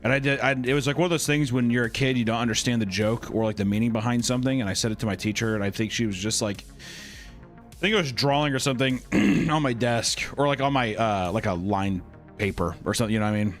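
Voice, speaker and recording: A man's voice: medium pitch, fast, faint music behind. Teasing young man co-hosting. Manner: teasing, laughing, blunt. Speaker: podcast co-host. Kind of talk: casual chat.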